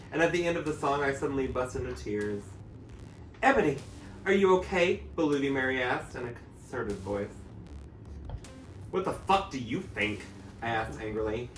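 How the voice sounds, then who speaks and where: Recorded in an echoey room by a distant mic, with faint music and a little hiss or hum, a male drag performer with a mid-range voice reads a fanfic aloud in a campy, comically dramatic way, laughing as he goes.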